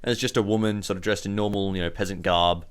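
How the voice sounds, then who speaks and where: A man narrating as game master of a tabletop game in a casual, animated way, laughing often. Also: sits low, fast talker, smooth.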